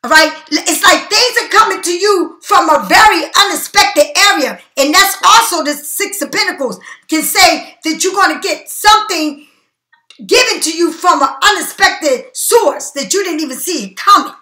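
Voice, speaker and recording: A woman's voice: extremely high pitch, animated, moderate pace, pushed and bright. A woman giving a tarot reading in a blunt, profane, preachy and emphatic way. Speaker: tarot card reader. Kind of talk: casual tarot reading monologue. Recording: echoey room.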